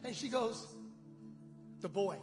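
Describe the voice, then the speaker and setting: Man, pastor, sermon, very high voice, shouting exhortations, music behind, long reverb. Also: slow pace. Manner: animated storytelling, building to shouting exhortation.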